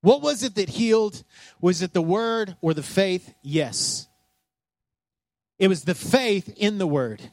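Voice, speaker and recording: Preaching at a slow pace, this pastor has a voice that sits high and is a little mellow, with lively intonation. He keeps things conversational and jokey, questions the congregation, and dramatizes scripture scenes in voices. The recording has no room sound.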